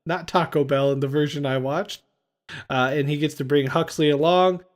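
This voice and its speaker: Casual man hosting a film chat, slightly higher voice, recaps scenes and quotes lines. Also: fairly even intonation, moderate pace. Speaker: podcast host. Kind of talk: casual movie review chat.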